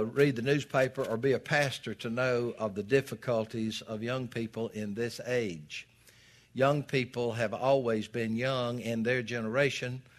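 An older man preaching a sermon as a pastor, folksy and storytelling, with dramatic rises in his reading. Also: medium pitch.

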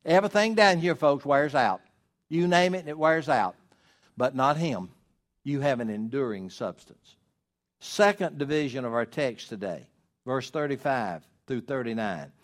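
A pastor in his sixties preaching a sermon, building to loud emphatic peaks and then dropping low and quiet. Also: animated, moderate pace. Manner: preaching with swelling emphasis and sudden drops.

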